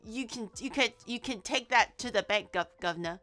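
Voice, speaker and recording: A woman's voice: fairly high pitch, fairly quick, pushed and bright, soft background music. A woman putting on a cheeky mock-British voice. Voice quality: exaggerated mock British accent, playful. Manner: drops into slang with clipped, punchy phrases. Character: cheeky put-on Cockney-style Brit, woman. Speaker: streamer. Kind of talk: playful accent impression on a live stream.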